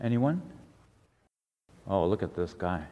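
A middle-aged man who is a pastor, leading a children's sermon and prayer in a gentle, conversational way. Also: sits low, lively intonation, takes it slowly, highs cut off. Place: church sanctuary. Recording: long reverb of a church hall.

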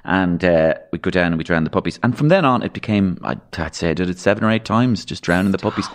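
Irish male podcast guest, very low-pitched, anecdotal storyteller with a macabre wit. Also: lively intonation, fast. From Ireland. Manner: rambling anecdotal storyteller, dark humour, acts out voices.

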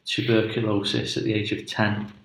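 This podcast co-host speaks in a fairly low, completely flat voice at normal speed. It's casual banter: a rambling, jokey tale loaded with fillers. The recording has an echoey room sound.

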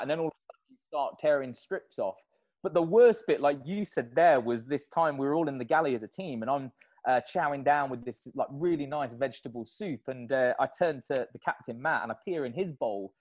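A man being interviewed on a podcast, telling stories in an animated, casual way and laughing often. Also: medium pitch. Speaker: podcast guest, endurance athlete.

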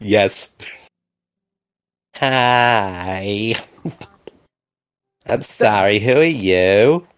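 A man co-hosting a podcast, chatting casually as he riffs on a movie, laughing often and talking with excitement. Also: fairly low pitch, very slow, long pauses, clear, resonant tone. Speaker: podcast co-host. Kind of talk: casual movie riffing chat.

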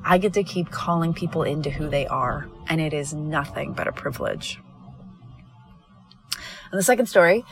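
A woman's voice: deep voice, vocal fry, breathy edge. A woman podcast host and coach talking candidly and earnestly in a reflective monologue, recorded in a parked car by the roadside. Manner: candid, earnest, halting with restarts.

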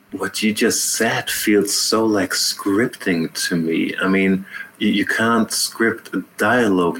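A man's voice: sits low, rough recording. Male guest, easygoing and laughing, slight hiss behind. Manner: lively, laughing, repeats words. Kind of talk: casual interview talk.

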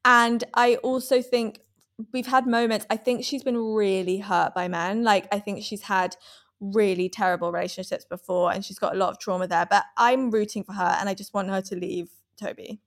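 A young woman co-hosting a podcast, chatting in a lively, gossipy way. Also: mid-range voice, moderate pace. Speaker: podcast co-host. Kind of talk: casual chat.

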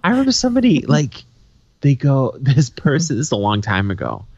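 A man's voice: medium pitch, wildly swooping pitch, no echo, highs cut off. A man from Boston co-hosting a podcast, talking bluntly with plenty of swearing and laughter. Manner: blunt, profane, quick to laugh. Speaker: podcast co-host. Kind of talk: casual chat.

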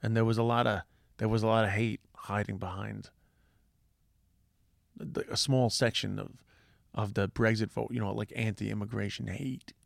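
A man's voice: lowish voice, level tone, moderate pace, gravelly, pauses often, no echo, clean studio sound. A man, talking through his opinions in a casual monologue. He swears constantly, restarts his sentences and pushes his points with passion. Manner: heavy swearing, rambling restarts, impassioned.

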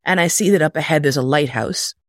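Animated woman telling a story. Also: fairly quick, no echo, clean studio sound. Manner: animated, profane, jumps into high voices for quotes. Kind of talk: casual personal storytelling.

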